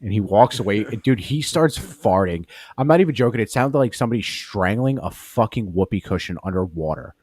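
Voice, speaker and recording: A man's voice: fairly low pitch, a little fast, few pauses, breathy edge, no room sound. Profane man telling crude stories. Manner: profane, animated storyteller doing voices of coworkers. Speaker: podcast co-host. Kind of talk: crude casual chat and storytelling. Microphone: studio mic.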